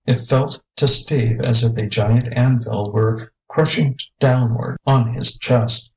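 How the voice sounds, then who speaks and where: A man's voice: medium pitch, fairly even intonation, slow, vocal fry, darkish tone, poor audio. A man steadily reading a children's space adventure story aloud. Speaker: narrator.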